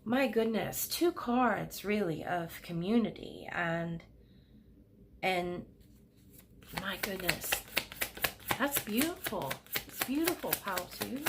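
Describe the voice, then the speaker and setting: A middle-aged woman giving a pick-a-card tarot reading at her desk at home, speaking gently and emotionally, with soothing pauses. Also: medium pitch, lively intonation, noisy background.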